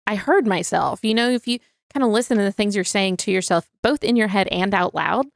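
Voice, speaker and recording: A woman co-hosting a podcast, frank and supportive, chiming in with quick remarks. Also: mid-range voice, creaky, dry recording, clean studio sound. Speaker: podcast co-host. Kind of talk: casual chat.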